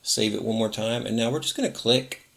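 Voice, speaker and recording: Gravelly man walking through software setup. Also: fairly low pitch, a little fast. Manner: casual, self-correcting, narrates clicks step by step. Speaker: tech tutorial host. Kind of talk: screen-recorded software walkthrough.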